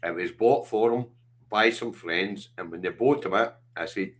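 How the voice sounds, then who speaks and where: Blunt, low-voiced Scottish man. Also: moderate pace. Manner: blunt, sweary, passionate. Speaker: livestream host. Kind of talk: casual chat.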